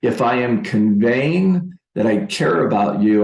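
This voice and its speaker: A man giving a motivational sales training talk as a real estate coach, deliberate and emphatic, repeating key phrases. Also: mid-range voice, lively intonation, gravelly, darkish tone, roomy sound, poor audio.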